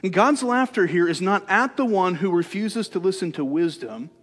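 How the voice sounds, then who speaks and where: Male pastor, slightly high voice, conversational sermon delivery with rhetorical questions, long hall echo. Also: animated, normal speed.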